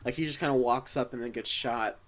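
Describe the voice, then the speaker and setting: A man's voice: mid-range voice, a little fast, fairly bright tone. A man co-hosting a movie podcast, chatting casually with wry asides and frequent laughter. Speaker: podcast co-host. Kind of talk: casual movie review chat.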